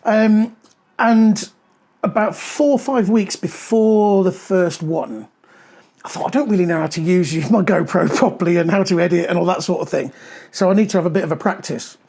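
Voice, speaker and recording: A middle-aged man with a notably high speaking voice, chatting easily in a podcast and spinning long stories full of ums. He talks into a clip-on mic that picks up a little clothing rustle. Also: moderate pace, vocal fry, darkish tone. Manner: chatty storyteller, many ums. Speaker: podcast co-host. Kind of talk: casual podcast chat.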